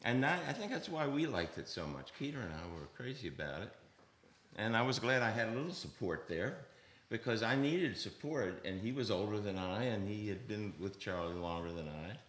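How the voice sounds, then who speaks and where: Older male drummer, panel guest; low, chatty, animated, mouths beats and hisses out percussion. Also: moderate pace. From United States. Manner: animated, sings rhythms aloud, hisses percussion sounds. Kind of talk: anecdotal storytelling on a panel. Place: stage panel before an audience.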